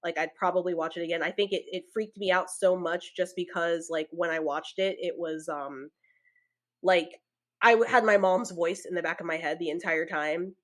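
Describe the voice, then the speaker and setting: A woman's voice: fairly low pitch, steady tone, normal speed. A young woman co-hosting a podcast, chatting casually and rambling with lots of filler words. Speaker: podcast co-host. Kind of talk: casual chat.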